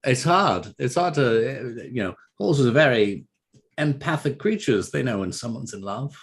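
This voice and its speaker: Husky, lively-voiced male player. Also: medium pitch, moderate pace. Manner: lively, speaks in character now and then. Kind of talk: casual tabletop role-play.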